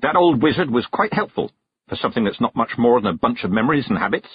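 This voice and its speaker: A man voicing a stern, sharp-tongued old witch woman in an audiobook, curt and commanding. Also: medium pitch, lively intonation, quick pace, slightly rough, no room sound. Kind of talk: audiobook character voice. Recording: dull, dry narration recording.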